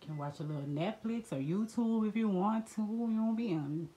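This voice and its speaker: A woman's voice: mid-range voice, normal speed, highs cut off. A woman chatting casually to her viewers as she walks through her house construction site, filming on a phone. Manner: chatty, addresses viewers as y'all. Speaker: vlogger touring her house build. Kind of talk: casual walk-through vlog. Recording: phone video with loud background noise.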